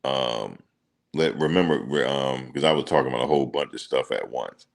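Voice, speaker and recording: Very deep gravelly-voiced man chatting. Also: a little fast. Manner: relaxed slangy banter, thinks aloud with ums. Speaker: reaction streamer. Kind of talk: casual chat reading viewer comments.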